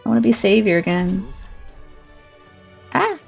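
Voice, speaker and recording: A woman's voice: medium pitch, sing-song, measured pace, vocal fry, darkish tone, soft background music. Chatty woman streamer thinking aloud. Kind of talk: casual let's-play commentary.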